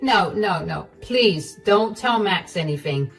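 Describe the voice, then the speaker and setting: A woman's voice: on the low side, expressive, slow, gravelly, a bit bright, full character voice. A woman voicing a scheming older mother-in-law who stutters and pleads desperately. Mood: pleading. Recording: distant voice, faint music.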